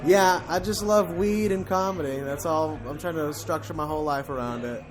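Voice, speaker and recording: A man's voice: on the high side, moderate pace. A man being interviewed as a comedian in a dive bar, chatting in an easygoing, casual way. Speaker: comedian and guest. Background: music.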